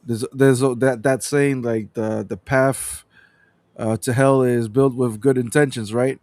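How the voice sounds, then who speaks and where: A man co-hosts a gaming podcast livestream and gives his opinions in a rambling, halting way. His voice sits at an ordinary pitch, recorded dry and close with no room sound. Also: steady tone, a little mellow, no room sound. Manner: rambling, many fillers and restarts. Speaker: podcast co-host. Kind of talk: casual livestream chat.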